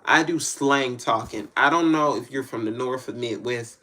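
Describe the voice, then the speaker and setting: A man's voice: mid-range voice, moderate pace, sharp tone. A man with a Southern US accent who works as a spiritual reader, talking in a blunt, slangy, profane and rambling way, often repeating himself. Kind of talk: casual rambling monologue.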